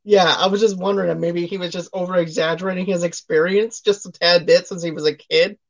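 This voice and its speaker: A man's voice: high-pitched, fairly even intonation, fast, dull audio. A man hosting a casual podcast, retelling movie scenes and reading out listener comments. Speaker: podcast host. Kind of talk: casual chat about a movie.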